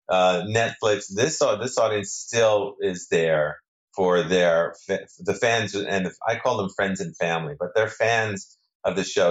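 A male actor giving a casual interview as a guest, rambling with frequent restarts and fillers. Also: low voice. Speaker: soap opera actor guest.

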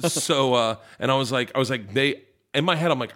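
A man's voice: medium pitch, normal speed, fairly bright tone. Rambling, profane comedian man telling stories. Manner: rambling, profane, laughs through his own stories; acts out other people's lines in raised voices. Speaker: podcast guest, comedian. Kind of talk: casual storytelling chat.

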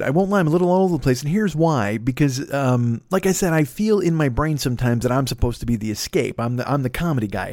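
A man's voice: mid-range voice, a little mellow, no room sound, studio quality. A middle-aged man hosting a comedy podcast, talking in a rambling, profane, self-deprecating monologue full of tangents. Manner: profane, self-deprecating, jumps between tangents and mock voices.

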